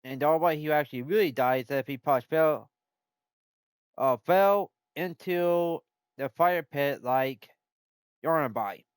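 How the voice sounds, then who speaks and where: Slow, rambling man streaming a game. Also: on the high side, clear, resonant tone, no echo, studio quality. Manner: rambling, thinking aloud with restarts. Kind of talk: live gameplay commentary.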